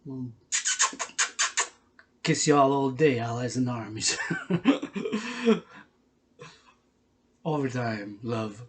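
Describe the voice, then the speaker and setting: The man's mid-range voice takes it slowly, with frequent pauses. As a workout video host, he delivers a rambling, emotional vlog monologue, going over the same points, swearing freely and talking street slang.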